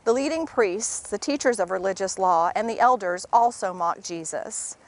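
A woman reading a devotional passage from the Bible aloud outdoors in front of a city hall, in a measured, expressive way. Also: medium pitch. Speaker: scripture reader.

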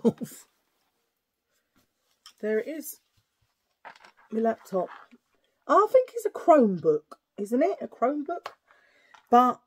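A woman's voice: medium pitch, slightly rough. A woman chatting casually to her viewers in a rambling way, often murmuring to herself. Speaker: vlogger. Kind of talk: casual chat to camera.

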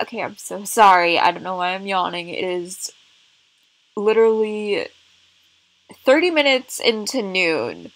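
A woman's voice: mid-range voice, expressive, a little slow, pauses often, fairly bright tone, rough recording. A young woman, a gaming channel host, rambling through casual gameplay commentary with lots of fillers, talking around a rubber band from her braces. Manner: chatty, rambling, many "like" and "um" fillers.

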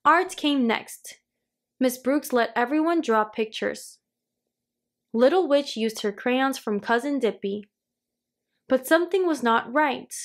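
A woman reading a children's story aloud, slowly, clearly and expressively. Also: high-pitched, animated. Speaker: storybook reader.

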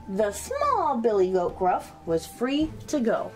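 A woman's voice: on the high side, huge pitch swings, slow pace, faint music behind. Woman reading a storybook aloud, sing-song. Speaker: children's story reader.

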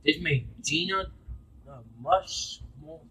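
A man narrating a fan-made train story in a halting way, with restarts and fillers. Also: a little high, bright, forceful tone, slight background noise, low-quality recording.

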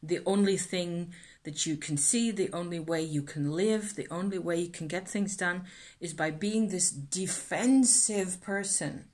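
A woman's voice: fairly low pitch, a little slow, a little mellow. A middle-aged woman vlogging reflectively about her feelings, hesitant and earnest, often trailing off and restarting. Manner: earnest, self-examining. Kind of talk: reflective personal vlog.

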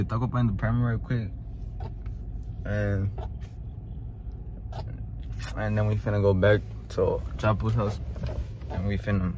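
A man narrating a casual vlog, relaxed and slangy, restarting his sentences often. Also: on the low side, low-quality recording. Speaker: vlogger. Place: outdoors and in stores, on the move. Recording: phone video with loud background noise.

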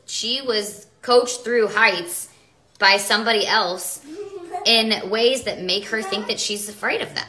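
Bright-voiced woman rambling on a livestream. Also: medium pitch. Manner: rambling, self-justifying, many restarts. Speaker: mother and social media seller. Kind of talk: rambling live stream monologue.

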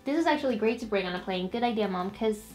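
A woman's voice: medium pitch, animated, fast talker, a little mellow, soft background music. A young woman hosting a casual makeup tutorial, chatty and upbeat, talking straight to her viewers. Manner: chatty, upbeat, talks to viewers as "you guys". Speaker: beauty vlogger.

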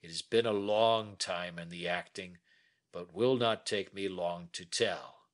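A man voicing an aging, remorseful man who talks in a slow, heavy, pleading way. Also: deep voice. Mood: confessing.

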